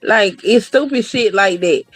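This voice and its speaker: A woman talking in a casual podcast chat, blunt and profane, telling animated stories. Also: medium pitch, measured pace, no room sound, low-quality recording.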